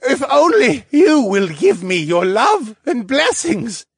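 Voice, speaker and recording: A lovesick young scientist gushes in a shrill, loud voice that swings wildly. He is giddy and dramatic and sometimes almost shouting, recorded dry. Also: big pitch swings, slow, husky, no room sound, exaggerated voice. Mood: gushing.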